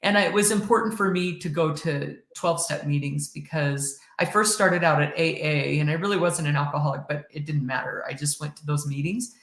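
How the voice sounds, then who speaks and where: A middle-aged woman telling her own story in an earnest, halting way, with quick laughs between lines. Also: low voice. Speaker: podcast guest. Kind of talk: emotional personal storytelling. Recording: roomy echo.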